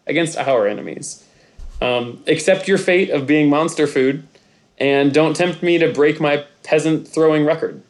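A man's voice: on the high side, unhurried. A man voicing a grandiose male god-leader handing down mock-solemn commandments to his followers. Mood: pompous. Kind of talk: comedic podcast bit.

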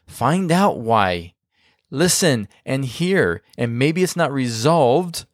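A man co-hosting a marriage podcast, giving casual advice in an animated, emphatic way and often restarting his sentences. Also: medium pitch, slow pace, dry recording, studio quality.

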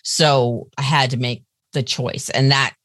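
A woman's voice: extremely low pitch, fairly even intonation, unhurried, fairly bright tone, no room sound, clean studio sound. A woman in her fifties with a New York accent, a guest telling her life story in a candid, chatty way. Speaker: interview guest. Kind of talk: casual interview chat.

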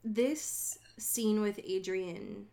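A woman co-hosting a casual podcast, talking about a book in a profane, animated way and acting out the characters' lines. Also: mid-range voice, extremely slow, gravelly. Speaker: podcast co-host. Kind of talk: casual book discussion chat.

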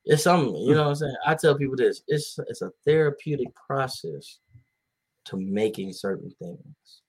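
A man chatting in a relaxed, laid-back way, musing about everyday habits. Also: medium pitch, normal speed, breathy edge, poor audio. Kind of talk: casual chat.

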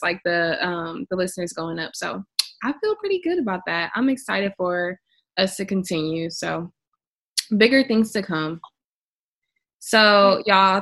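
A woman from Inglewood co-hosting a podcast, chatting in an upbeat, relaxed way and introducing a guest. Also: on the low side. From Inglewood, California. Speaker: podcast co-host.

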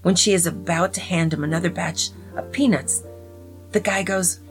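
Reading jokes aloud in a casual way, a woman with a deep voice chats between them at normal speed and often drops into a whisper. Faint music plays behind her, and the recording is rough.

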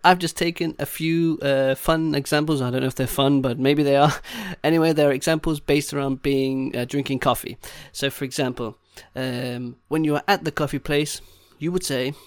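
A man teaching a casual Danish lesson, saying each phrase slowly and repeating it, then explaining it in easygoing English. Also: a little high, dry recording.

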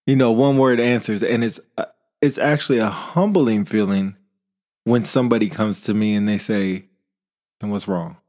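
A man speaks reflectively in a casual conversation, now and then hunting for the right word. His voice sits a little low. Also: moderate pace, a little mellow. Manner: reflective, searches for words. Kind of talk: casual podcast chat.

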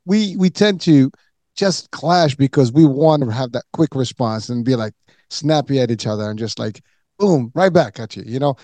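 A man hosting an interview, enthusiastic and halting, often restarting his sentences as he speaks to the audience. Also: medium pitch, expressive, dark tone, dry recording. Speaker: host. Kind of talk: casual interview chat.

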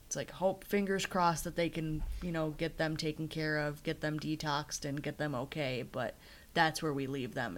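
A woman with a low voice co-hosts a casual podcast, recapping a TV episode in a chatty storytelling way and acting out the quotes. There's slight background noise.

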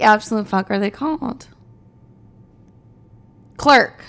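A woman's voice: medium pitch, steady tone, normal speed, gravelly, fairly bright tone. A woman in her twenties hosting a podcast, chatting in a blunt, profane, rambling way. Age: 20s. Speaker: podcast host. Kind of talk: casual confessional chat.

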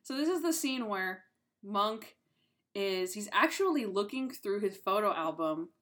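A woman's voice: medium pitch, sing-song, measured pace, fairly bright tone. A woman co-hosting a podcast, chatting casually as she retells a TV episode with lots of "like". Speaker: podcast co-host. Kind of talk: casual chat recapping a TV episode.

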